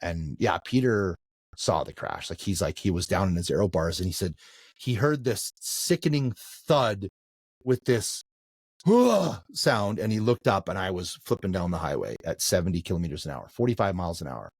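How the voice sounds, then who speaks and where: A man's voice: sits low, animated, moderate pace, darkish tone, slightly rough, dry recording, studio quality. A middle-aged man, the guest on an interview, recounting events with a storyteller's manner, restarts and fillers. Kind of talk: conversational interview.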